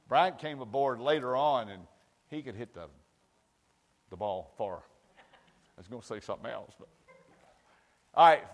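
A man preaching a fiery sermon as pastor of his church, swinging from hushed asides to shouting. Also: mid-range voice, big-room sound. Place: church sanctuary.

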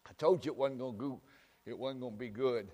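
A man preaching a fiery sermon as pastor of his church, swinging from hushed asides to shouting. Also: mid-range voice, fast talker, breathy edge, long reverb tail. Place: church sanctuary.

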